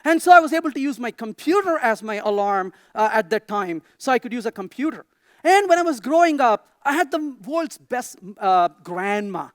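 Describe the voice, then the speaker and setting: A man's voice: very high voice, sing-song, normal speed, no echo, clean studio sound. A man speaking at a tech conference, telling a funny story and acting out the dialogue with jokey asides. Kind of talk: humorous storytelling in a technical talk. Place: conference stage.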